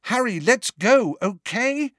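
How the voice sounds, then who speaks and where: A man voicing an anxious, bossy teenage schoolgirl in a storybook reading, with a high, strained, urgent manner. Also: big pitch swings, unhurried, fairly bright tone, no room sound, studio quality, heavily acted.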